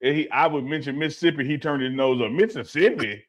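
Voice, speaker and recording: A man's voice: medium pitch, steady tone, quick pace. Teasing, laughing male co-host. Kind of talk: casual live-stream chat.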